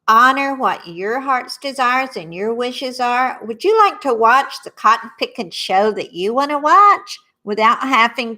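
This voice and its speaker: A middle-aged woman with a Southern accent leading a guided tapping workshop, speaking slowly and soothingly and having listeners repeat phrases after her. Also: fairly high pitch, bright, forceful tone.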